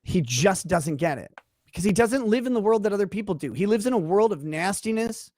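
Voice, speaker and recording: A man's voice: high-pitched, animated, a little fast, darkish tone, no echo, clean studio sound. A man in a played stream clip, talking about someone in a dismissive, condescending, breezy way. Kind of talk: casual stream monologue.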